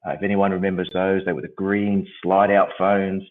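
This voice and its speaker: A man with a croaky head-cold voice giving an online conference talk, hesitant, with many ums and restarts. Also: low-pitched, level tone, normal speed. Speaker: conference presenter. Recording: tinny phone-like line.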